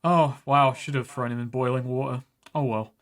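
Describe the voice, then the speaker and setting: A man's voice: medium pitch, fairly even intonation, normal speed. A man playing a tabletop game, chatting in an offhand, joking way. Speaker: player. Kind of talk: casual tabletop game play.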